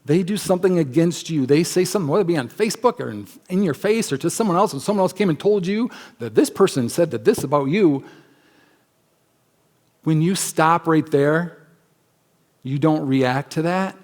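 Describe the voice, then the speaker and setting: Emphatic higher-voiced male pastor. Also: expressive, normal speed, a little mellow. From United States. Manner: conversational, emphatic preaching with acted-out asides. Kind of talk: sermon. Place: church sanctuary.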